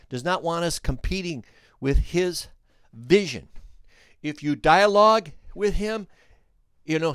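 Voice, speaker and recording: A man hosting a podcast, telling a story in an animated way, restarting phrases and speaking straight to the listeners. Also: fairly high pitch, no room sound, clean studio sound. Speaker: podcast host. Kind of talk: storytelling commentary.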